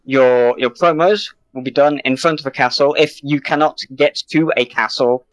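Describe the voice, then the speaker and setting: British man, mock-formal presenter, dry close sound, middle pitch, stop-start delivery. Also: normal speed, no echo, poor audio. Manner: mock-formal, hesitant, with many ums and restarts. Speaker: presenter in a comedy sketch. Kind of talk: improvised comedic pitch.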